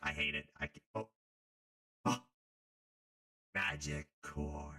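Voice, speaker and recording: A man's voice: low voice, sharp tone, slightly rough. A man streaming live, rambling casually with lots of "like" while testing voice settings. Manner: chatty, rambling, frequent "like".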